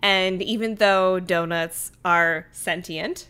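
Blunt young woman with a bright voice. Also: on the low side, steady tone, clean tone. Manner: blunt, quick reactions, laughing. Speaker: podcast co-host. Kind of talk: casual book-recap chat.

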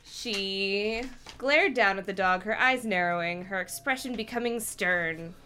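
A woman's voice: mid-range voice, a little slow, sharp tone, slight background noise. A woman reading a children's horror book aloud on a comedy podcast, giggling and adding sarcastic asides.

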